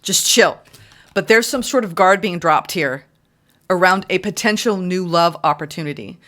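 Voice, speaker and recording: A woman's voice: normal speed, fairly bright tone. A woman giving a casual, chatty tarot reading, exclaiming often and acting out little quoted exchanges. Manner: chatty, exclaiming, acts out quotes in high voices. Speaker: tarot reader.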